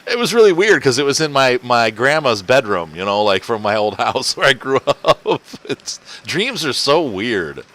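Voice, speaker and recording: A man's voice: medium pitch, sing-song, normal speed, hardly any pauses, fairly bright tone. A man hosting a casual let's-play, rambling and chatty and laughing often as he plays at home. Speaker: gaming channel host. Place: home, indoors.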